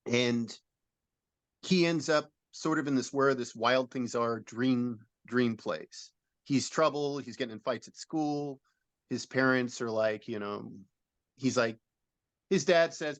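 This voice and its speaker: A middle-aged man in an interview tells a story at length, earnest and rambling. His pitch sits at an ordinary middle level. The sound is dry and close, with no room around it. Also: measured pace, dry recording. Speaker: film director and producer. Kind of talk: interview, describing a film idea.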